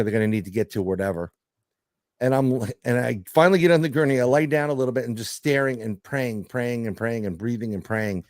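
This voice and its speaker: A middle-aged man telling a story in casual podcast chat, animated and joking, with some swearing. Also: medium pitch, no room sound, studio quality. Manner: animated storyteller, swearing, laughing through jokes. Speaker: podcast guest.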